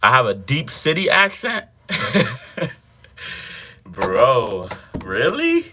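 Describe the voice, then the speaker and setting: A man's voice: medium pitch, sing-song, extremely slow, sharp tone, slight background noise. A young man hosting a fitness livestream, chatting casually with viewers in a slangy, laid-back way.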